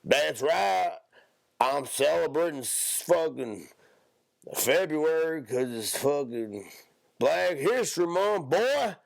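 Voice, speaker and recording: A man doing a loud, drawling, blustering tough-guy voice in a comedic podcast bit. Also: on the high side, big pitch swings, takes it slowly, gravelly, no room sound, clean studio sound, voice pushed up, exaggerated voice. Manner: shouty drawl, tacks "boy" onto lines.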